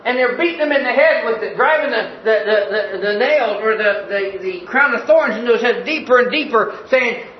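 A man's voice: extremely high pitch, a little fast, hardly any pauses, roomy sound, lo-fi sound, a little hiss or hum. A man in his sixties preaching a sermon, an earnest pastor who tells stories vividly. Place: church sanctuary.

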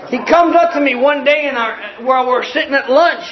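A man preaching a sermon, telling a story in an animated, folksy way and acting out the scenes for a live congregation. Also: extremely high pitch, normal speed, dull audio. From grew up poor in a small family.

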